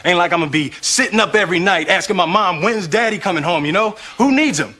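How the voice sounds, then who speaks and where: An actor playing a hurt teenage boy with an absent father, emotional and rising to shouts in a sitcom scene. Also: high-pitched, animated, fast talker, heavily acted. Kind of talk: sitcom acting. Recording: TV clip with faint noise.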